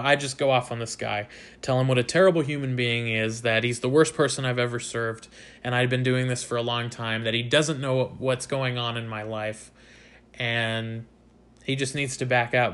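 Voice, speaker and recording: A young man from the United States hosts his own show, recounting a personal story in a loose, candid monologue. He gets animated and swears freely as he retells it, in a voice of middling pitch. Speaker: podcast host.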